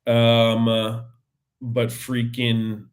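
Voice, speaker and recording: A man's voice: medium pitch, completely flat delivery, extremely slow. A man hosting his own podcast, chatting casually on his own in a rambling, slangy way with many fillers and restarts. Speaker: podcast host. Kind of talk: casual solo chat.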